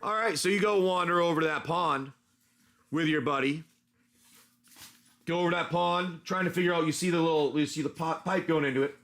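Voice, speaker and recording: Man game master, casual and rambling, slightly high voice. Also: fairly quick, pauses often, fairly bright tone. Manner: casual, rambling, restarts often. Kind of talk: narrating a live tabletop-style adventure.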